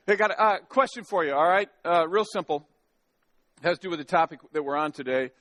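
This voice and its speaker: Folksy joking pastor, bright voice. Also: male voice, on the high side, quick pace, no echo. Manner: folksy and joking, with many restarts. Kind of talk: sermon. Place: church sanctuary.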